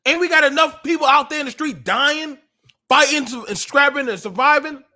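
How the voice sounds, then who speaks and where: A man's voice: extremely high pitch, fairly quick. Impassioned man preaching on a livestream. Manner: preachy, emotional, rising to shouts. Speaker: podcast host.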